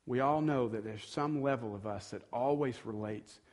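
A man's voice: medium pitch, normal speed, a little mellow. A male pastor giving a sermon in a conversational tone, acting out quoted dialogue and building to moments of emphasis.

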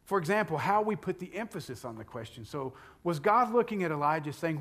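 A middle-aged man preaching a sermon, building loudly on key points and dropping to a whisper for emphasis. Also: a little high, animated, brisk. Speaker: pastor.

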